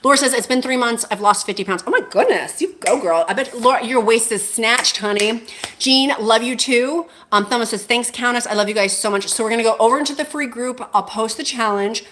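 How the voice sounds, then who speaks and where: A woman's voice: fairly high pitch, fairly quick, fairly bright tone, a little hiss or hum. A woman hosting a casual livestream, gushing and effusive as she greets viewers and reads their comments aloud. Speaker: livestream host.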